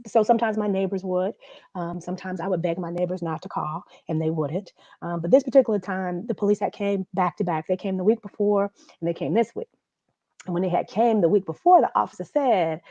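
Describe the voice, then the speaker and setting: Earnest low-voiced woman. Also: no room sound. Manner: earnest, halting, with restarts and soft laughs. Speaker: guest speaker, domestic violence survivor. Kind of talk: personal testimony at a conference. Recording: dull, dry audio.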